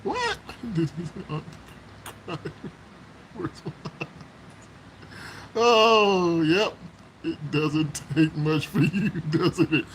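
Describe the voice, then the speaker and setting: Slow, chuckling man telling stories. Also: on the high side, expressive, noisy background. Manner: laughs often while reminiscing. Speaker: livestream host chatting with viewers. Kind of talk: casual live-stream chat and storytelling. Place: at home. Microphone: phone.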